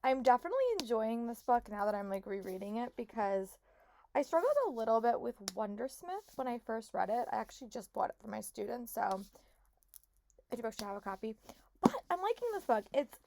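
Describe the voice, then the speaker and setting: A young woman talking casually in a reading vlog, gushing and repeating herself, her voice hoarse and congested. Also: a little high, lively intonation, a little fast, darkish tone, slight background noise. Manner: gushing, lots of "like" and repeated "really". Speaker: book vlogger.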